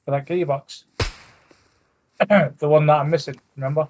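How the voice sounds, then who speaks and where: A man's voice: on the high side, flat delivery, moderate pace, a little mellow, slight background noise. A man chatting casually with his co-player while gaming, in short, dry remarks.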